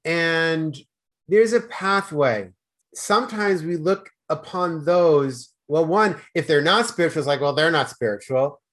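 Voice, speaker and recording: A man with a Boston accent talking fast as a podcast guest, with stammered restarts and slurred words. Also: on the high side, fairly bright tone. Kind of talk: casual conversation.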